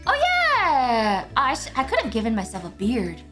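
A woman's voice: fairly high pitch, big pitch swings, moderate pace, over music. A woman streaming a farming game, chatting casually with a friend in a giggly, playful, teasing way.

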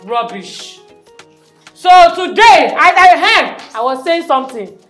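A woman's voice: sits high, big pitch swings, takes it slowly, soft background music, full character voice. A woman playing a strict, scornful schoolteacher in a comedy sketch, scolding with a Nigerian accent. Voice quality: scolding, sharp and mocking.

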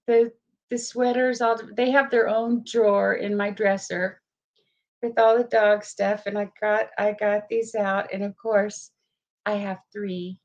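A woman's voice: medium pitch, flat delivery, unhurried, lo-fi sound. A woman vlogging from home, talking casually to her viewers and her dogs, teary-eyed. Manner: chatty, tearful, talks to her dogs. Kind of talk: casual livestream chat.

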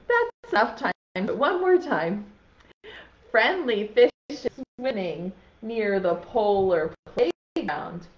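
A young woman leads a preschool lesson in a high, bouncing voice that swoops up and down. She talks slowly, playful and full of encouragement. The sound is a little dull and lo-fi. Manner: playful, encouraging, sing-song. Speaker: preschool teacher. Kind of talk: virtual preschool lesson for children.

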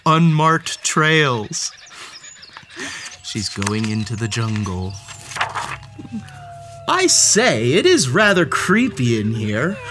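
With a low-pitched, fairly bright voice, a woman performs a children's picture book read-aloud, theatrical and full of fun. She talks to the character, gasping and exclaiming, over a slight hiss or hum.

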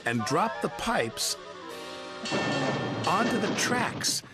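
A man narrating a children's train story in a lively read-aloud manner. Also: sits high, drawn-out words. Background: background music.

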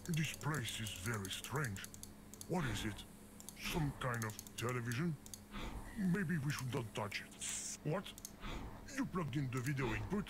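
A man plays a talking video game that narrates and loses patience with its player. The voice swings widely in pitch as it frets and snaps. Steady noise sits under the game audio. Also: a little slow, lightly acted. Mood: wary. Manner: scolding the player, theatrical outbursts. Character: the game itself, a fussy exasperated male narrator voice.

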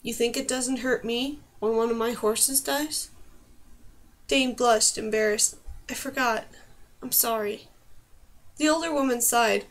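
A woman's voice: high-pitched, a little slow. A woman reading a novel chapter aloud as an audiobook, lifting her voice for the characters' emotional lines. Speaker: audiobook reader. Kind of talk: scripted narration.

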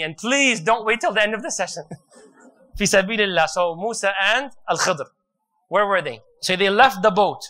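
A man preaching a sermon, retelling a story in an animated way and joking and laughing with his audience. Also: high-pitched.

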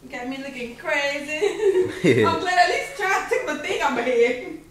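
A woman with a high, swooping voice, exclaiming and laughing with joy as she chats at home. She is recorded on a handheld phone in a roomy indoor space. Family chatter carries in the background. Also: expressive, normal speed. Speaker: mother. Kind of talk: excited casual home chat.

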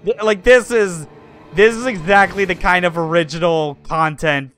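Young guy streaming a game, yells and curses a lot, bright tense voice, kinda high. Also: normal speed, soft background music. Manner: exclamatory, swears a lot, laughs at the game. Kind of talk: live gameplay commentary.

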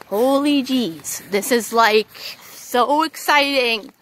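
A woman vlogging outdoors at a fairground, gushing with excitement, whooping and repeating her exclamations while filming on a handheld camera. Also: a little high, slow. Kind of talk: casual vlog commentary while filming.

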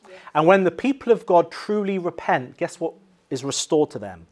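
A male pastor with an English accent preaching a sermon, swinging from loud acted cries to quiet, low emphasis. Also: animated, moderate pace.

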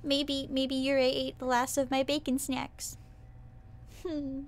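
A woman's voice: high-pitched, little pitch movement, slow. A woman streaming as a VTuber, chatting casually and playfully with her viewers, breaking into squeals and cutesy sound effects. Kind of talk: casual livestream chat.

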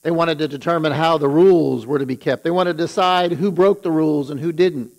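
Pastor guy giving a sermon, kinda high voice, punches the woes hard. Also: fairly even intonation, a little fast, a little mellow, rough recording. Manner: paraphrases scripture with rising emphasis on the woes.

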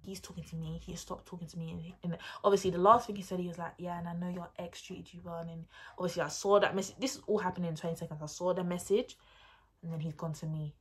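A young woman telling a story in a casual, animated way, laughing often and dropping into a hush to act out texts. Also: fairly low pitch, fast, slightly rough. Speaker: vlogger.

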